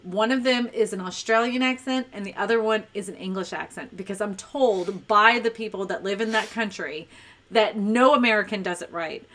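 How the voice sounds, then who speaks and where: A woman's voice: medium pitch, normal speed, fairly bright tone. A woman hosting a casual live stream chat, reading viewer comments aloud and laughing often.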